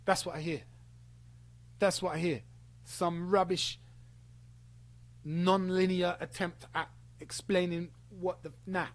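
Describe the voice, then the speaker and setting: Ranting man, fairly high voice. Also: level tone, slow pace, pauses often. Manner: confrontational, sweary, repetitive. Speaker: streamer addressing a former friend. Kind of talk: ranting monologue.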